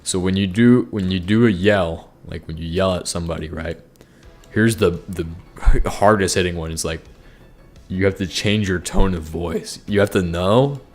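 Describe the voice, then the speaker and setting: A man's voice: moderate pace, faint music behind. A young man chatting casually over his gameplay, rambling loosely. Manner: rambling, bursts into high-pitched angry yelling. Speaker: gaming streamer.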